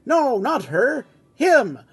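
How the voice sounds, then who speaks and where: A man voicing a grumpy, short-tempered green male creature who shouts in exasperation. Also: very high voice, sing-song, very slow, slightly rough, voice pushed up, exaggerated voice. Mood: frustrated shouting.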